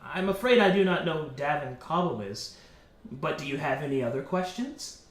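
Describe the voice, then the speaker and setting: A man voicing a poised, worldly woman bard who speaks softly and courteously. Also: on the high side, animated, natural voice. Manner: soft, measured, courteous. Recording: echoey room.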